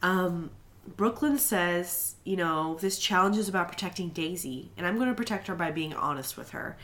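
A woman's voice: fairly low pitch, normal speed, fairly bright tone. A woman co-hosting a podcast, chatting casually and giggling as she quotes people. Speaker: podcast co-host. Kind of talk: casual recap chat.

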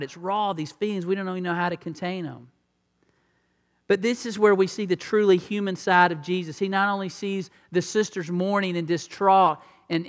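Man, preacher, high voice, conversational sermon, long church reverb. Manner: conversational, acts out quotes. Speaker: pastor.

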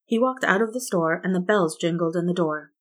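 Woman reading a story, slightly low voice. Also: fairly quick. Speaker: fan fiction reader. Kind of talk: scripted story narration.

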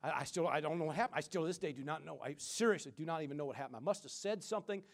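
A middle-aged man preaching in a slightly high voice. He swings between loud, lively bursts and quiet, confiding asides, and he calls out to his congregation as he goes. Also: very fast, vocal fry. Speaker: senior pastor. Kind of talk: sermon.

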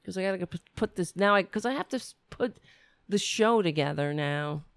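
A woman hosting a live-stream show, ranting and rambling in casual chat as she thinks aloud, her voice going hoarse. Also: fairly low pitch, animated, brisk, dry recording, studio quality. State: losing her voice.

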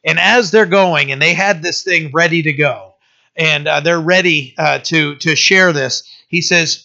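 A male pastor giving a conversational sermon, with many fillers and restarts, who slows down to read scripture aloud. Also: on the high side, gravelly, bright, forceful tone, muffled recording. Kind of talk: sermon, informal Bible teaching.

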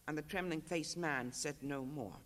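High-voiced author reading fiction. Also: male voice, a bit bright. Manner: measured, rhythmic narration. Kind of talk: literary reading.

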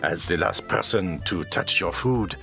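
An actor playing a proud, theatrical male French royal chef with a put-on French accent, gravelly voice, and indignant flourishes of French words. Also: sits low, unhurried, pushed and bright, faint music behind, heavily acted. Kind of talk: comedy radio play acting.

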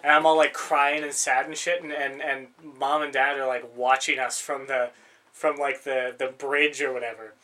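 A man's voice: mid-range voice, little pitch movement, moderate pace, sharp tone. A man in casual chat, rambling through stories, swearing freely and laughing often.

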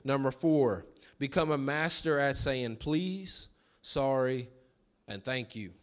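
A male pastor delivers a sermon in a church. His pitch sits in an ordinary middle register. He speaks earnestly and leans on repetition to drive each point home. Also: slow, clear, resonant tone. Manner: earnest, repeats key lines for emphasis. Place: church sanctuary.

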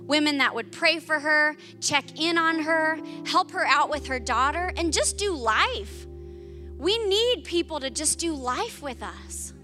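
A woman's voice: high voice, lively intonation, a little slow, music in the background. A woman in her thirties preaching a sermon, telling a personal story that builds to impassioned emphasis. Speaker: pastor.

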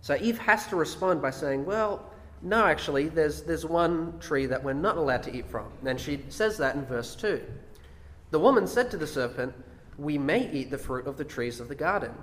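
A man's voice: on the high side, expressive, normal speed, fairly bright tone. A man preaching a sermon, reading scripture verses aloud and explaining them with rhetorical questions. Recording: echoey hall with long reverb.

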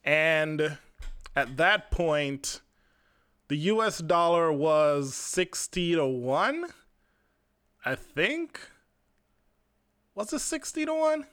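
A man's voice: fairly high pitch, sing-song, very slow, long pauses, a bit bright, smooth, dry recording. A young Jamaican man hosting a podcast, telling a personal story in a casual, rambling, profane way and speaking straight to his listeners. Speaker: podcast host.

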